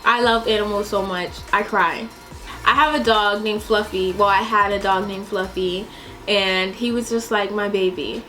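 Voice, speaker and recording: A young woman chatting in a casual question-and-answer vlog, dramatic and animated, laughing often and swearing. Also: medium pitch, moderate pace, soft background music. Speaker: vlogger.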